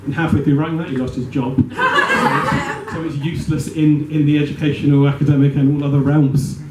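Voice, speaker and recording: A man doing stand-up comedy, rambling and self-deprecating. His voice is a touch high and bounces up and down all the time. It sounds like an echoey small room with audible audience noise. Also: big pitch swings, fairly quick. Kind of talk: stand-up set. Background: audience laughter.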